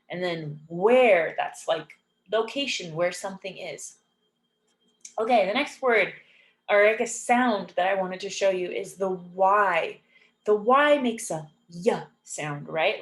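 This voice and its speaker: Slow, patient woman teaching English sounds. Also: medium pitch. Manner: repeats each word slowly and clearly, patient. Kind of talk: slow, clear phonics lesson. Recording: echoey room.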